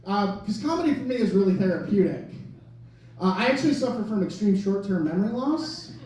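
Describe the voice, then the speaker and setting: A man's voice: high-pitched, very animated, fairly quick, a little mellow. A young man from Wisconsin doing stand-up, telling a rambling, self-mocking story full of "like" fillers. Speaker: stand-up comedian. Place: comedy club stage. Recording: echoey club mic from a distance. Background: audience laughter.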